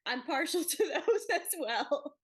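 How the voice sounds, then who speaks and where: A woman from New England hosts a podcast in relaxed, casual chat. She is playful and upbeat and laughs easily as she keeps the conversation moving. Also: high voice, slow. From Connecticut, New England. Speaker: podcast host.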